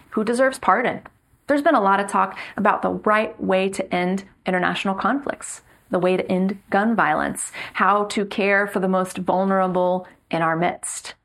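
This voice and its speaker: A middle-aged woman, a pastor giving a sermon in a measured, earnest way with slow, emphatic repetitions. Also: mid-range voice, gravelly, a bit bright.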